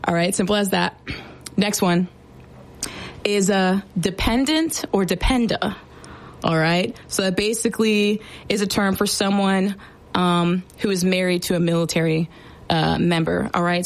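A young woman who serves as a sergeant, casually explaining military slang in a chatty, playful way with lots of fillers. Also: lowish voice. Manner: chatty, filler-heavy, playful teasing asides.

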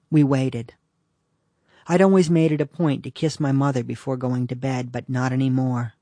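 A man's voice: medium pitch, little pitch movement, moderate pace, dark tone, dry recording. A man reading his own humorous personal essay aloud with a dry, understated delivery.

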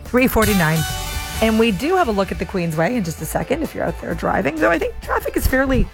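A woman's voice: on the high side, very animated, quick pace, vocal fry, music in the background. A woman hosting an afternoon radio show, chatting in an amused, easy way and reading the time and weather. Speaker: radio host. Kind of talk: casual radio chat. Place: radio studio.

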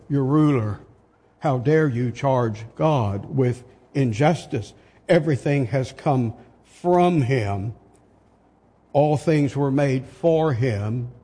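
An older man preaching a sermon, slow and emphatic, firing off rhetorical questions, in a church hall. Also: medium pitch, mellow, husky. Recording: long hall reverb.

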